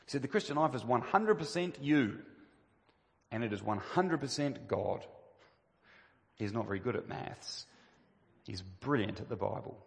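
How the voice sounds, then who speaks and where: A man's voice: medium pitch, animated, normal speed, vocal fry, pauses often. A man preaching a sermon, emphatic and full of rhetorical questions. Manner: emphatic, rhetorical questions, rising to stress key phrases. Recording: long reverb of a church hall.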